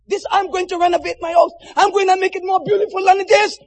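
A man's voice: very high-pitched, level tone, fast talker, in a large hall, voice pushed up. A man preaching puts on an indignant man who protests that he is only renovating his own house.

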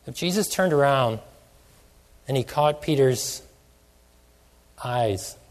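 Slow, measured preacher in echoing hall. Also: male voice, mid-range voice, animated. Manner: questioning, drawn-out emphatic phrases. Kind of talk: sermon. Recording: long hall reverb.

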